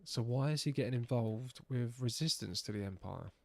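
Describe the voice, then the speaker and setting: A man's voice: medium pitch, moderate pace, vocal fry, darkish tone. English man musing over a game. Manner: thinking aloud, self-mocking. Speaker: streamer. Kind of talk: casual gameplay commentary.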